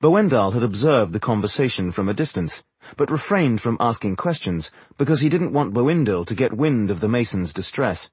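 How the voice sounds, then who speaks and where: A man narrating a fantasy audiobook in a measured, even storytelling manner. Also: medium pitch, slightly rough, no room sound. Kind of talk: scripted narration.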